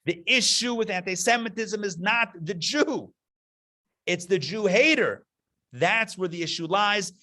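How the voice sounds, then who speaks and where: A man's voice: sits high, expressive, measured pace, sharp tone. A man, a rabbi, giving a passionate live lecture, stressing points with emphatic repetition. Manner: passionate, emphatic, repeats key phrases. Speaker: rabbi teaching a class. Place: classroom before a live audience.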